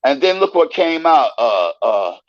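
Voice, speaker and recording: A man guest telling stories in a casual interview, animated and profane, acting out the voices he quotes. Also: mid-range voice, a little slow, dry recording, highs cut off. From United States.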